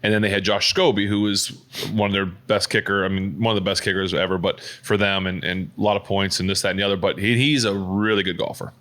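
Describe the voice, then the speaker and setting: This podcast co-host speaks fast and flat in a low, slightly bright voice, barely pausing. He chats casually and rambles, full of fillers and restarts.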